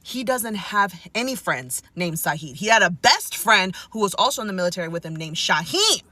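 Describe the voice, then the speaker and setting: A woman telling a dating story in a casual storytime monologue, emphatic and sassy, swinging between loud and hushed delivery. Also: medium pitch, very animated, moderate pace, no echo.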